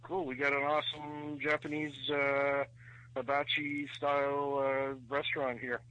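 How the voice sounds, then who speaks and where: A man calling in to a radio show by phone, speaking hesitantly with halting pauses. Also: fairly high pitch, completely flat delivery, bright, forceful tone, highs cut off. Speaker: caller. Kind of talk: call-in chat. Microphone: phone call.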